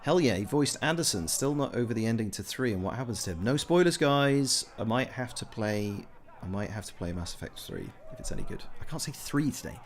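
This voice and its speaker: A man's voice: mid-range voice, lively intonation, a little fast. A man talking through a video game in a loose, rambling way, with lots of jokes and asides to his viewers. His voice sits in a mid range but swings up and down a lot as he talks. A faint hum runs under it. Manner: chatty, jokey, rambling asides, bursts into silly voices. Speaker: gameplay commentator. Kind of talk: casual let's-play commentary.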